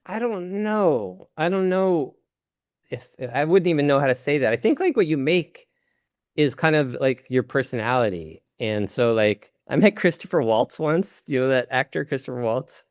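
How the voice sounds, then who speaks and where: A man answers interview questions over a video call in a loose, searching manner. He keeps circling back and restarting his sentences. His voice has a mid pitch and sounds dry and close, with no room around it. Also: animated, dry recording. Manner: halting and searching, many restarts. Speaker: interview guest, filmmaker. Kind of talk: casual conversational interview. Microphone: video call microphone.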